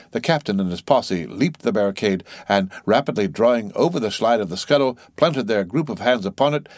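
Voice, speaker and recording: A man's voice: fairly low pitch, darkish tone, no echo. Man narrating a classic novel, dry close sound. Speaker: audiobook narrator.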